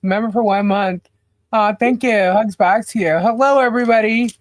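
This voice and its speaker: A woman's voice: mid-range voice, moderate pace, no room sound. A woman co-hosting a casual livestream, chatting and greeting viewers by name with frequent laughs. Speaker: podcast co-host.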